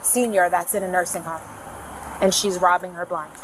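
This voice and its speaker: A woman's voice: on the low side, fairly even intonation, normal speed, background noise. A woman, a property manager, reports a theft to police in an indignant, emotional and profane way.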